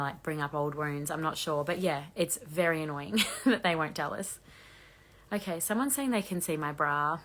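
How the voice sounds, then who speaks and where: Woman, croaky low voice, fast chatty gossip livestream host. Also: a bit bright. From Australia. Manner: fast-talking, chatty, laughs often. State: hoarse, losing her voice. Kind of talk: casual livestream chat reading comments. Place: bedroom at home with laundry drying.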